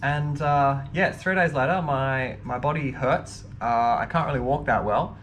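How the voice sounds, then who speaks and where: A man talking casually to the camera in a self-filmed vlog, excitable and rambling, outdoors on a trail. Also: medium pitch, normal speed, a little hiss or hum. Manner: excitable, rambling, swears mildly. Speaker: vlogger, trail runner.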